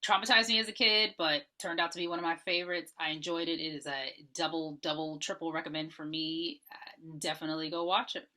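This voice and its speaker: A woman co-hosting a movie podcast in relaxed, casual talk, recapping the plot and handing out ratings. Her voice sits fairly low but sounds bright and forward. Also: brisk, hardly any pauses. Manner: relaxed, gives ratings and recommendations. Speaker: podcast co-host.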